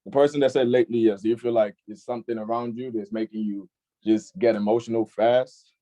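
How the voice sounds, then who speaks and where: A young man hosting a casual online youth discussion, laid-back and filler-heavy, often agreeing with a quick "facts.". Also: medium pitch, steady tone, mellow. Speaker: youth group discussion host.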